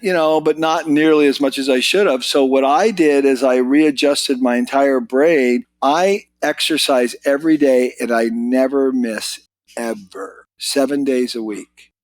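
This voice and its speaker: An American man in his sixties, a podcast guest telling stories in casual chat, his voice jumping up when he gets excited. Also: dry recording. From United States. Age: 60s. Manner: animated storyteller, pitch jumps when excited. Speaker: podcast guest, business author.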